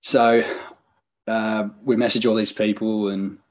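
A man's voice: on the low side, level tone, takes it slowly, muffled recording. A man with an Australian accent, a podcast guest telling a hunting trip story in a rambling, laid-back way. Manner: rambling, laid-back, many fillers and restarts. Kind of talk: casual storytelling.

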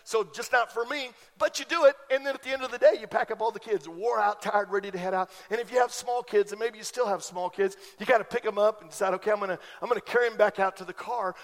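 High-voiced preacher in a reverberant hall. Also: male voice, quick pace, few pauses. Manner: animated preaching with rising emphatic peaks. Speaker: pastor. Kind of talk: sermon. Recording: long reverb of a large hall.

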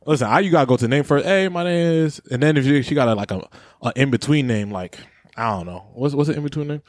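A man's voice: medium pitch, quick pace, no echo. A man co-hosting a podcast in casual, profane banter, joking and laughing often. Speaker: podcast co-host.

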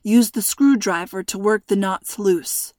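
A calm, worried dad who keeps his voice low and hushed, put on by a woman reading aloud. The sound is close and dry, as in a storybook reading. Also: a little slow, no room sound, lightly acted. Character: calm worried middle-aged father.

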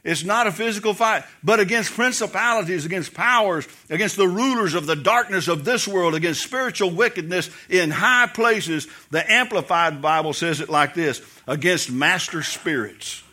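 Bright-voiced, high-pitched male preacher. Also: moderate pace, few pauses. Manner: storytelling preacher, acts out quotes, laughs. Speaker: pastor. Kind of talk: sermon.

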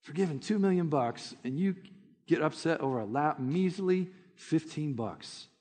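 A man doing a stern, low-voiced business mogul. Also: lively intonation, normal speed, a little mellow, long reverb tail.

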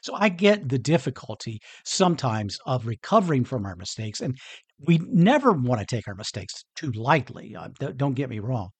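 A husky-voiced man talks through a motivational podcast episode in an earnest, conversational way and chuckles often. His pitch moves a lot from one phrase to the next. The sound is dry and close, with no room around it. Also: big pitch swings, moderate pace, dry recording. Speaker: podcast host. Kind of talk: motivational solo podcast talk.

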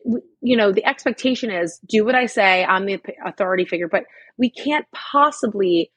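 Woman, husky voice, blunt and salty, dry close sound. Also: mid-range voice, a little fast, fairly bright tone, no echo. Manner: frank, swears freely, many fillers. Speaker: podcast co-host. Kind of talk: casual chat.

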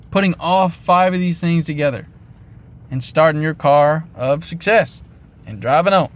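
A man hosting a podcast, talking casually and motivationally, rambling a bit and poking fun at himself while repeating his catchphrases. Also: fairly high pitch. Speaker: podcast host.

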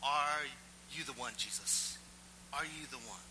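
A male pastor preaching a sermon, telling a personal story in an animated, self-mocking way. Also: medium pitch, unhurried, big-room sound, a little hiss or hum, low-quality recording.

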